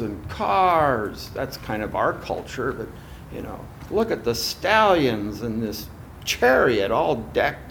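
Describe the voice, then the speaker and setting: A male pastor preaching emphatically, with a slow, deliberate pace and a lively rise and fall in pitch. His voice carries a gravelly, fried texture, and he drops in asides to the congregation. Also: slight background noise. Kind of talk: sermon.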